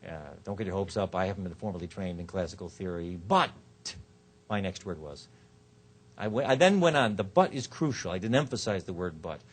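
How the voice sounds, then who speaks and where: A man giving a law school lecture on rhetoric, joking and shifting his pitch and loudness often. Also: slightly rough. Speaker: law professor. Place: lecture hall.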